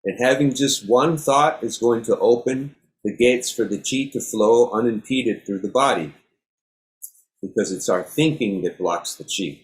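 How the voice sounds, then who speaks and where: Calm middle-aged male yoga teacher, steady instructive cues, mid-pitched voice. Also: unhurried. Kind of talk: guided breathing class.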